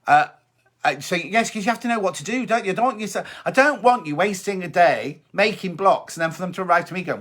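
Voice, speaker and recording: A man's voice: sits high, expressive, quick pace, fairly bright tone. A man hosting a sewing live stream from home, chatting and reading out viewer comments in an upbeat way. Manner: chatty, upbeat, repeats points, reads comments aloud. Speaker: sewing show host.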